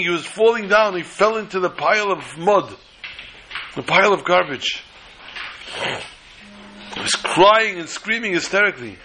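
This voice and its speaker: Man, storytelling lesson, dramatic, repetitive phrasing, bright forceful tone, faint hiss. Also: high voice, low-quality recording.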